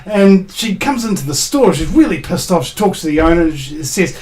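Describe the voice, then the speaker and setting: High-voiced man telling a joke. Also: a little fast, hardly any pauses. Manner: animated storyteller, repeats words. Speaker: guest. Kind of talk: casual chat, telling a joke.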